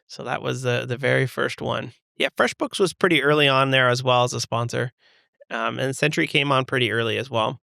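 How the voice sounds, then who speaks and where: A man, chatting casually as a podcast co-host in a loud voice that carries. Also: mid-range voice, a little fast, gravelly, no room sound, studio quality. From Canada. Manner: loud, carrying voice. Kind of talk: casual chat.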